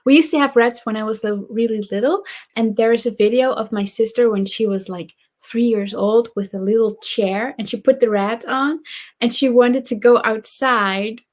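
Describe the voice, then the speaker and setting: A woman's voice: a little high, normal speed, darkish tone. A woman chatting casually on a live stream, telling anecdotes with hesitations. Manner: storytelling, hesitant with fillers. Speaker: booktuber co-host.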